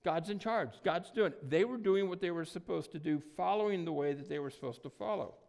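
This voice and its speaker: A man delivers a sermon in a relaxed, conversational way, often checking in with his listeners. His voice sits fairly high for a man and has a gravelly, fry-laden edge. He fills his pauses with soft "um"s. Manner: conversational, frequent "um" and "right?". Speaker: pastor.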